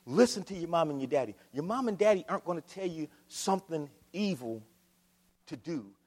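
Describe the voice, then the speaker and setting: A man from Ohio preaching a sermon, swinging between loud declarations and quiet asides as he addresses the congregation. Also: a little high, animated, fairly quick, big-room sound. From Akron, Ohio. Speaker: pastor.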